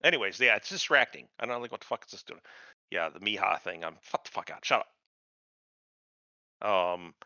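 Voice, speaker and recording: A man co-hosting a casual podcast, chatting about a TV episode in a profane, animated way with mocking asides. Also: low voice, a little fast, long pauses, no echo. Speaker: podcast co-host. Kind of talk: casual chat reviewing a TV episode. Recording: dull lo-fi dry sound.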